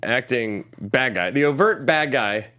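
Animated man recapping a movie. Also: mid-range voice, unhurried. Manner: animated storyteller, jokes and quotes clips. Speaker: podcast host reviewing a movie. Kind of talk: casual chat.

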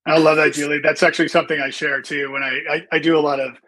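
Husky, bright-toned man explaining. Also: on the high side, fast talker, no echo, poor audio. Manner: relaxed, many ums and uhs, explanatory. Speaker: podcast guest, presentation trainer. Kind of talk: casual podcast conversation.

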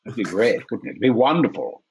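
A man's voice: lowish voice, very animated, brisk, a little mellow, slight background noise. Man playing a chatty English big-game hunter. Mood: genial. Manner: chatty, genteel, full of filler asides. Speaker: player. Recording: slightly dull lo-fi audio.

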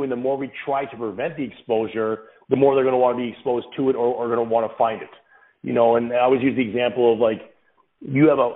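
A man being interviewed as a guest on a parenting podcast, speaking in an earnest, reflective way and explaining his views with everyday examples. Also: medium pitch. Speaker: podcast guest, father of several kids. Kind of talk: casual interview answers. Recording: tinny phone-like line.

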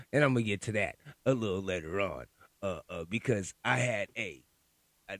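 A man's voice: mid-range voice, no room sound. A man from California hosting a podcast, ranting in a profane, worked-up monologue and often repeating words as he goes. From Sacramento, California. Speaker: podcast host.

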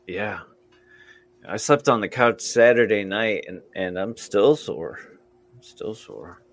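A man's voice: on the low side, slow, a bit bright. A man from Indiana and Michigan hosting a casual podcast chat, easygoing and hesitant, with many ums. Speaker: podcast host.

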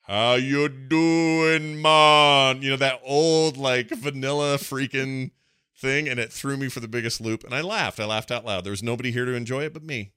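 A man co-hosting a casual gaming podcast, animated and quick to laugh. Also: medium pitch, clean tone, no room sound, studio quality. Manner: animated, laughs often, does quick voice impressions. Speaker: podcast co-host.

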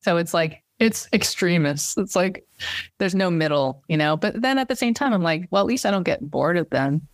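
A woman's voice: fairly low pitch, expressive, moderate pace, no room sound, studio quality. A woman talking candidly and animatedly as an interview guest, with many fillers and restarts. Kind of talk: casual interview chat.

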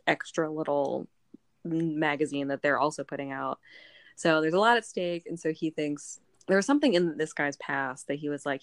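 A woman with a notably low-pitched voice talks through a novel's plot in loose, rambling chat, stacking "like" and "um" as she goes. Her speech is recorded close and dry, with no room sound around it. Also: dry recording. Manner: rambling, animated retelling with filler words. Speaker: book club podcast co-host. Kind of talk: casual chat recapping a novel.

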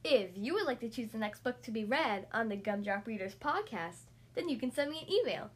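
A woman's voice: on the high side, lively intonation, brisk, slightly rough. A woman hosting a podcast where she reads storybooks aloud to young children, friendly and talking straight to her listeners. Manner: friendly, addresses listeners as guys. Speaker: podcast host reading to kids.

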